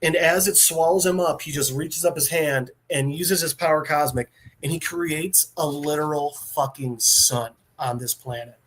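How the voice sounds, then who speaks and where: A man hosting a podcast, casually recapping a comic in an animated storytelling way, full of fillers. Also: on the high side, normal speed. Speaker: podcast host.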